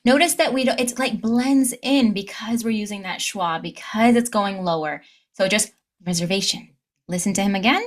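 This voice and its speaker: A woman teaching English pronunciation, demonstrating sounds clearly and drilling words slowly with strong stress. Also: medium pitch. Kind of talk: pronunciation lesson.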